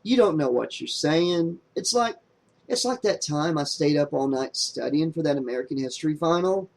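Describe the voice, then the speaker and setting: A smooth, easygoing young man in an audiobook , as a male narrator plays him. He talks in a casual, joking way. The voice sits slightly above a typical male pitch. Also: expressive, normal speed. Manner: smooth, casual and lightly raised. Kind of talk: audiobook character voice.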